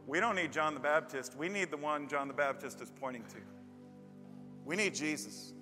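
A male pastor preaching a sermon in a church, telling stories emphatically and building to loud peaks. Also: a little high, normal speed. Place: church with a live band. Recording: long reverb of a large hall. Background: faint band music.

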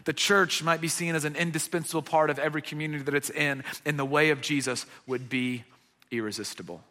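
A man's voice: a little high, fairly even intonation, fast talker, pushed and bright, in a large hall. A man preaching a sermon as pastor, conversational and earnest, often checking in with his listeners. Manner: conversational preaching with frequent "okay?" check-ins.

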